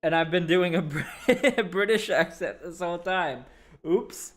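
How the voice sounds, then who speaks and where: A man's voice: high voice, measured pace, fairly bright tone. Playful man reacting to a game. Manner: playful, swears, mimics the characters. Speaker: gaming streamer. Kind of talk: joking game reaction commentary.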